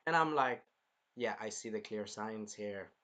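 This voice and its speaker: A man hosting a casual anime review, rambling and animated, swearing freely as he recaps an episode. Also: lowish voice, measured pace. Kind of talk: casual chat.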